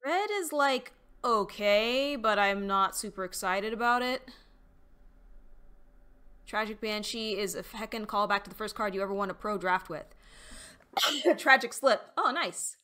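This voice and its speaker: A woman's voice: medium pitch, expressive, unhurried, pauses often, bright, forceful tone, clear, resonant tone. A woman streamer chatting casually with viewers, thinking aloud and reading out chat between fillers. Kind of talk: casual live-stream chat while deckbuilding.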